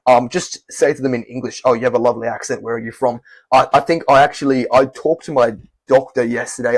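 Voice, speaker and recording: Fast-talking husky young man. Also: mid-range voice, dry recording. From Australia. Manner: fast, rambling, candid with self-corrections. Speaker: language learning YouTuber. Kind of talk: casual advice to camera.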